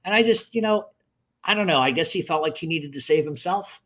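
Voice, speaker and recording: Man, guest on a live stream show, blunt and profane storyteller, a bit higher-pitched. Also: expressive, a little fast, a bit bright. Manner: blunt, profane, darkly joking. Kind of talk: casual storytelling.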